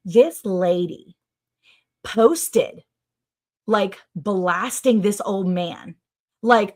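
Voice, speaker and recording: A woman with a mid-range voice hosts a casual livestream and tells a story to her viewers. She is animated and sarcastic, her pitch leaping up and down, and she scatters "like" through her sentences. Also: takes it slowly. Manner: chatty, with many "like" fillers. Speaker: livestream host.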